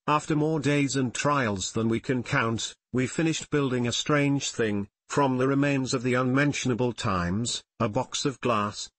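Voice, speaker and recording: A man narrating an audiobook in a measured, solemn reading voice. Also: medium pitch, fairly bright tone, dry recording. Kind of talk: scripted narration.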